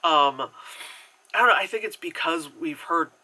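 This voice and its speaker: A man talking through a movie review at home, loose and rambling, leaning on fillers and dropping casual swears. His voice is bright and tense with a somewhat high pitch, and the talk feels unscripted. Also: animated, normal speed, poor audio. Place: at home, indoors.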